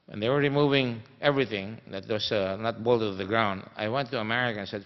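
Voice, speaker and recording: Emphatic man, lower voice, echoing hall. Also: fast talker. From Philippines. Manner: storytelling, emphatic, many fillers. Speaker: guest speaker. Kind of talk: anecdotal conference speech. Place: conference hall. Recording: dull sound in a reverberant hall.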